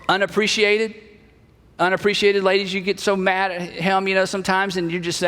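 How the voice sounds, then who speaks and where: A middle-aged male pastor delivering a sermon in a high, bright speaking voice. He talks conversationally, repeating his key phrases for emphasis. His voice carries a long reverb from a church hall. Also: fairly even intonation, moderate pace. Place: church sanctuary.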